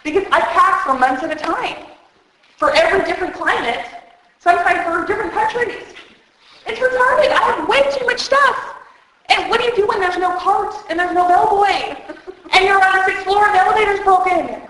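A woman preaching a sermon, animated and joking, acting out little voices as she teaches. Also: very high-pitched, normal speed. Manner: animated, jokey, acts out voices. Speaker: women's speaker preaching on Genesis. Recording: very echoey hall.

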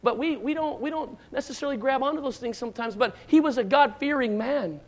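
A middle-aged pastor with an extremely high voice preaches quickly, weaving personal stories into his sermon. He's loose and conversational, rambling with restarts and asides, and shouts out lines when acting out his stories.

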